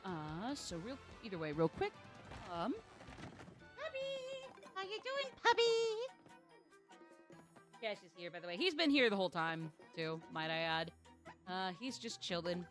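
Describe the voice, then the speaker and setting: A woman's voice: on the low side, expressive, moderate pace, music in the background. A woman streamer chatting casually while playing a game, chatty and self-deprecating. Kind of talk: casual gaming stream chat.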